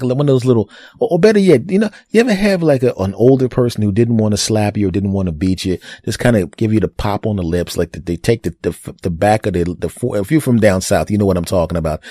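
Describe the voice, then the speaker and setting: A man's voice: fairly low pitch, mellow, no room sound, studio quality. A man, likely middle-aged, hosting a comedic solo podcast and talking in a rambling way full of restarts and asides. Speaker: podcast host.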